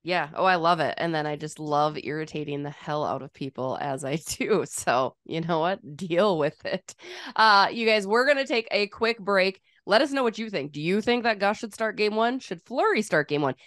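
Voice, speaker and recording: A woman's voice: lowish voice, normal speed, fairly bright tone, no room sound, clean studio sound. A woman hosting a sports podcast, chatting casually with a playful, teasing and opinionated manner. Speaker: podcast host.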